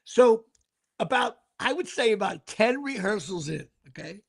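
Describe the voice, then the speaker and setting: A man with a notably high, gravelly voice chats casually as a podcast host. He rambles through his stories and restarts his sentences often. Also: lively intonation, a little slow. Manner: rambling storyteller, frequent fillers and restarts. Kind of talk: casual chat.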